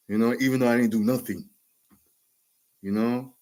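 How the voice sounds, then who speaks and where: A fairly low-pitched man in his forties, New York accent and all, hosts a podcast and spins a casual, meandering tale at normal speed. He pauses often, laughs frequently, and restarts himself with plenty of fillers.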